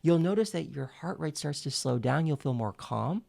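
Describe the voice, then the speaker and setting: Man, speaking coach, lively swooping delivery, crisp enunciation, instructional lesson. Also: on the high side, moderate pace. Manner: animated, demonstrates exercises as he explains; emphatic, clear enunciation.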